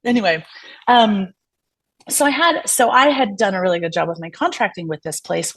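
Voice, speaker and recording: A woman physician, interviewed on a podcast, tells stories candidly in a chatty way, acting out the exchanges she retells, with frequent fillers and restarts. Her voice is mid-range and fairly bright.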